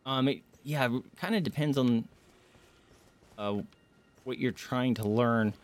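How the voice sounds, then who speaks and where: A man streaming a video game live, rambling through his play and breaking into startled yelps and shouts when enemies surprise him. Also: mid-range voice, unhurried. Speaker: gaming streamer. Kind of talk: live gameplay commentary.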